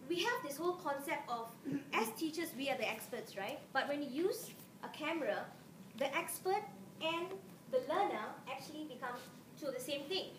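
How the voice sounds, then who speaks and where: Woman lecturing in an echoey hall. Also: high-pitched. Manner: chatty, keeps checking in with the audience. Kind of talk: conference presentation. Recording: roomy, distant mic, noisy hall.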